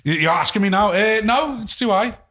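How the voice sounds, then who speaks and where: A man's voice: high voice, animated, brisk, sharp tone. A man with a Scouse accent, a comedian guest, talking in blunt, sweary, rambling banter.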